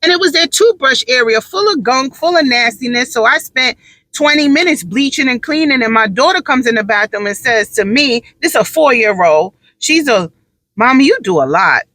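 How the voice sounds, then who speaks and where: A tired mother in casual storytelling, talking in an animated, sassy way and leaning on emphatic repeats. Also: high voice, moderate pace, no echo. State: tired, drained. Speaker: mother and vlogger.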